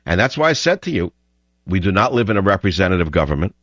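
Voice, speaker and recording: An older man hosting a political talk radio show, ranting combatively and rising to shouts. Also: deep voice, big pitch swings, fast, no room sound. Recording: dull lo-fi broadcast sound.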